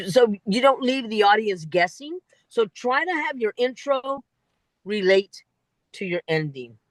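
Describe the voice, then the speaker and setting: A woman giving a lively talk that coaches speakers on winning a speech contest, with emphatic delivery and frequent asides. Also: no echo, low-quality recording. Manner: animated, emphatic, swings pitch widely for emphasis.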